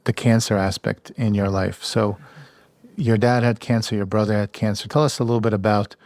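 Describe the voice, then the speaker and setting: A man's voice: lowish voice, fairly even intonation, a little fast, a little mellow, no echo. A man hosting a podcast interview, asking questions and encouraging the guest. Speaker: podcast host.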